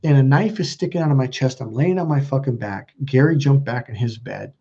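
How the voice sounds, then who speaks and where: A man's voice: fairly quick, mellow, highs cut off. A young man hosting his own channel, telling a painful personal story in a raw, profane and intense way. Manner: raw, profane and intense, voice climbing high when quoting others. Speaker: channel host.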